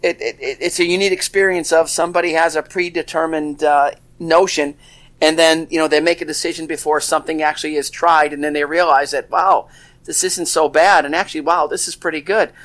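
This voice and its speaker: A man's voice: fairly high pitch, fairly even intonation, brisk, a bit bright. A man co-hosting a casual talk show, rambling with many restarts and "you know"s. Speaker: co-host. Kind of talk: casual chat.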